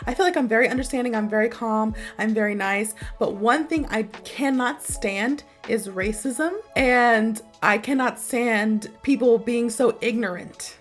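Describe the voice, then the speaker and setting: A woman's voice: a little high, unhurried, few pauses, faint music behind. An American woman teaching English, telling an emphatic personal story and repeating points for stress.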